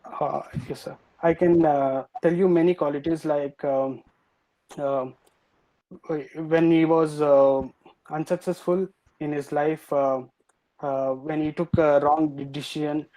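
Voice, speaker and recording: A nervous young man answering a panel's questions, hesitating with many filler pauses. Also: fairly high pitch, steady tone, warm tone, rough recording. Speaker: student presenter.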